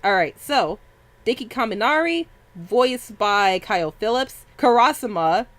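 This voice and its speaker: Woman co-host, casual anime chat, higher-pitched, profane, stumbles on names. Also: lively intonation, unhurried, fairly bright tone. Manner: chatty, swears freely, trips over names.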